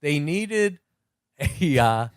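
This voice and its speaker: A middle-aged man, a comedy writer, telling anecdotes in a casual podcast chat with dry, deadpan wit. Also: a little high, extremely slow, clean tone, dry recording.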